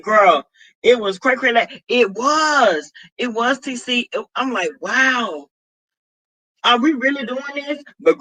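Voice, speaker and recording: A woman's voice: a little high, sharp tone, rough recording. A woman with a Southern US accent, chatting casually to her viewers on a live stream and greeting them by name as she tells a dramatic story. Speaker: vlogger.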